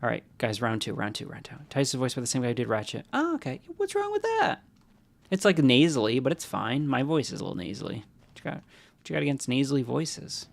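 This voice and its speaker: A gravelly-voiced man chats casually while streaming a game. He rambles, answers chat, and throws in jokey asides. His nose sounds stuffy from allergies. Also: medium pitch, huge pitch swings, fast.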